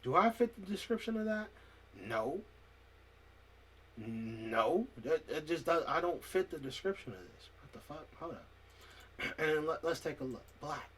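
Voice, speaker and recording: A man vlogging an angry, profane monologue, clearing his throat often and reading definitions aloud to argue with them. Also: fairly high pitch, expressive, unhurried, a bit bright.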